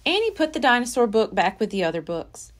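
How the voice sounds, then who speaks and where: A woman's voice: fairly high pitch, sing-song, brisk. A woman library storyteller reading a children's chapter book aloud with expression. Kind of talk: children's read-aloud narration.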